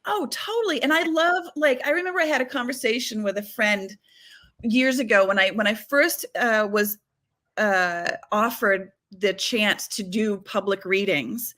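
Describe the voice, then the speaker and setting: A woman guest on a talk show, a psychic medium telling stories in a chatty, animated way full of fillers. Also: medium pitch, measured pace. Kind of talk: casual storytelling conversation.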